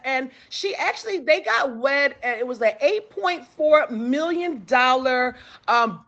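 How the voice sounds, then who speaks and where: A woman hosting a livestream talk show, chatting about celebrity news in an excitable way, hyping up her listeners and repeating herself often. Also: high voice. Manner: excitable, hypes the audience, repeats phrases. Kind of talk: energetic celebrity gossip chat.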